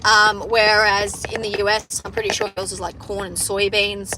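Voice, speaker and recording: A woman's voice: mid-range voice, level tone, normal speed, pushed and bright, slight background noise, poor audio. A young Australian woman who farms, chatting casually and bluntly on a livestream while reading comments, swearing freely. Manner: profane, blunt, joking. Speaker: farmer livestreamer.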